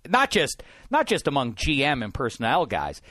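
Animated sports talk host, dry studio. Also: male voice, medium pitch, normal speed, no echo. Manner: rambling, grows animated and emphatic. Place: broadcast studio.

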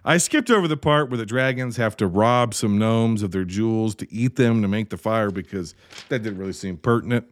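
A man's voice: on the low side, a little fast. A man giving a profane, sarcastic comedic recap of a movie, exasperated and swearing freely. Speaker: movie reviewer.

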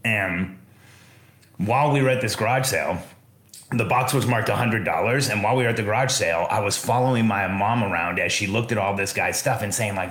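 A man's voice: lowish voice, fairly quick, fairly bright tone, roomy sound. A man in his forties telling a personal story in an earnest, rambling way with many restarts. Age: 40s.

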